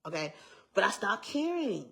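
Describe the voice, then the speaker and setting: A woman's voice: mid-range voice, very animated, normal speed, gravelly, a bit bright. A young adult woman giving an earnest, emphatic personal testimony in a casual way, repeating herself and adding asides. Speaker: vlogger sharing a testimony.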